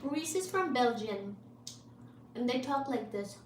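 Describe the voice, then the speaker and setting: High, lively woman chatting on a livestream. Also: measured pace, far from the mic. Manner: playful, chatty, coos at her cats. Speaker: livestream host. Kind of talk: casual live-stream chat. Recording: echoey room with background noise.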